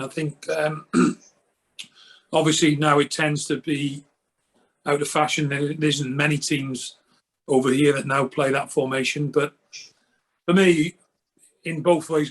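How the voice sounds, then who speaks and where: An older man from Wales speaks with a somewhat high voice. He answers earnestly and thoughtfully, sometimes repeating a word as he gathers his thoughts, in a relaxed interview chat. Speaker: guest, goalkeeping coach. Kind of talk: casual interview.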